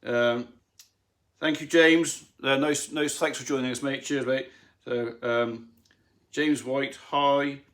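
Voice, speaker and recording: A man's voice: mid-range voice, steady tone, slow pace, fairly bright tone. A middle-aged man, a farmer, chatting on a live stream from his lounge at home, with rambling, dry teasing humour. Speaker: farmer and channel host. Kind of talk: casual live-stream chat.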